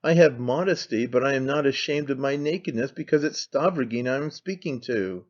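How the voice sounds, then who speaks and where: A man's voice: mid-range voice, brisk, natural voice. A man reading an audiobook voices a frantic, impassioned man who pleads and accuses with intensity. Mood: fervent. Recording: slightly dull lo-fi sound.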